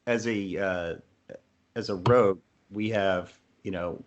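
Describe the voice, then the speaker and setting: A man playing a tabletop game, talking through his moves in a relaxed way. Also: low voice, slow. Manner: relaxed, talks through his plans step by step. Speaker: player. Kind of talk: casual tabletop play.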